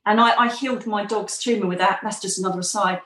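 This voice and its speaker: A woman's voice: medium pitch, steady tone, quick pace, fairly bright tone, echoey room, poor audio. A woman being interviewed, telling a personal story in a chatty way and acting out the dialogue. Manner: chatty, acts out quoted dialogue. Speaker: interview guest.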